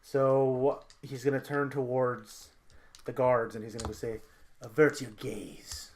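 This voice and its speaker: A man's voice: medium pitch, fairly even intonation, a little slow, darkish tone, a little hiss or hum. A man narrating as game master of a tabletop role-playing game, describing scenes and prompting the player. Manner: narrates actions, slips into character quotes.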